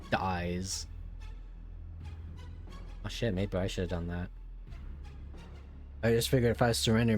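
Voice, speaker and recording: A man streaming a game, making casual, wry, sometimes profane comments and reading the story text aloud with drama. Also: lowish voice.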